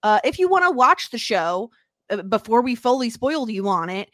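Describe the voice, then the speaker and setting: A woman's voice: fairly high pitch, sing-song, moderate pace, fairly bright tone, no room sound. A woman hosting a podcast, opening the show and chatting in a casual, upbeat way that breaks easily into laughs. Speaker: podcast host. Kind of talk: casual chat.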